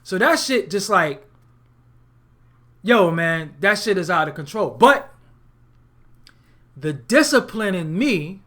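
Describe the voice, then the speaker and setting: Profane Brooklyn man, high voice. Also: animated, takes it slowly, long pauses, fairly bright tone. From Brooklyn, New York. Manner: profane, streetwise, emphatic storytelling. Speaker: webcast host. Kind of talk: unscripted monologue to viewers.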